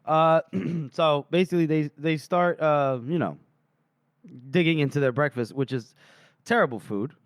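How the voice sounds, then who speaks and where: A man co-hosting a podcast, casually retelling book chapters and quoting the characters in quick asides. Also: on the high side, smooth, no echo, studio quality. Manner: retells scenes with quick voiced quotes of characters. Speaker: podcast co-host.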